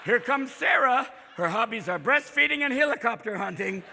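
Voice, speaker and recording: Guy doing a cheesy tv game show announcer, slow and showy, gravelly, crowd noise all around. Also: very high-pitched, lively intonation, exaggerated voice. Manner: showy, salesy drawn-out presenting. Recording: live crowd laughter, noisy hall.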